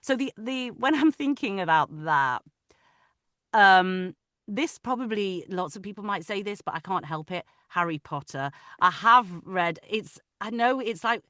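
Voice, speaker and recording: A woman audiobook narrator talks shop in a lively, chatty way, often restarting her sentences. Her tone is bright and forceful. The sound is dry and close, with no room echo. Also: medium pitch, a little slow. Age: adult, parent of older children. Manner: animated, talkative, many restarts. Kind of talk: casual interview chat.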